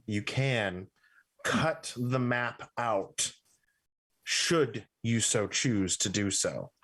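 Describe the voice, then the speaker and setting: A man's voice: on the low side, extremely slow, fairly bright tone. A man running a tabletop game as game master, narrating in a casual way and checking in often with "right?". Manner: casual, uses fillers like "right?".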